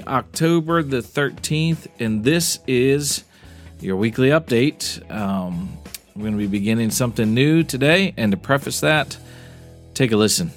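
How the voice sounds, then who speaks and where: A male pastor giving a casual weekly podcast update, chatty and informal, with small laughs. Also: lowish voice.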